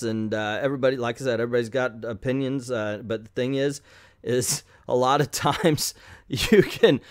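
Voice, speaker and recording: A man's voice: mid-range voice, clear, resonant tone, no echo, studio quality. A man with a slight Southern drawl, ranting bluntly and profanely as a comic book reviewer in an exasperated vlog.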